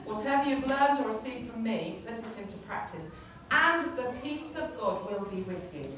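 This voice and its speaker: Woman, casual sermon, lively pitch, distant mic, reverberant hall, faint background noise. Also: moderate pace. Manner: chatty, laughing, addressing the congregation. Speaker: preacher. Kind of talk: church talk.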